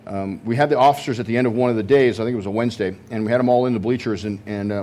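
A man's voice: mid-range voice, a little mellow. A man preaching a sermon, telling a story in a conversational way with many fillers and restarts. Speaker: pastor.

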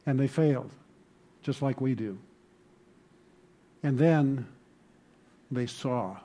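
A man's voice: medium pitch, slow pace, mellow. A middle-aged man preaching a sermon, telling stories conversationally and building to emphatic points. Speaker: pastor.

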